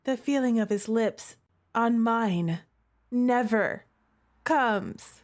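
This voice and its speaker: A woman's voice: on the high side, drawn-out words. A woman streamer reading a romance game's text aloud and reacting with dramatic, playful overreactions. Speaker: gaming streamer.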